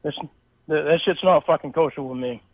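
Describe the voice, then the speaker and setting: A man's voice: on the high side, brisk, slight background noise. A man in a recorded phone call, angry and profane, stumbling over his words as he complains. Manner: angry, profane, stammering restarts. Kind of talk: heated phone conversation. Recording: tinny phone line recording.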